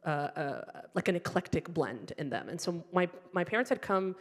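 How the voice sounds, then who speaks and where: A middle-aged woman telling stand-up stories in an animated, wry, self-mocking way on a comedy stage. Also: lowish voice, normal speed. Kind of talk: stand-up storytelling. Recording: stage mic with hall reverb.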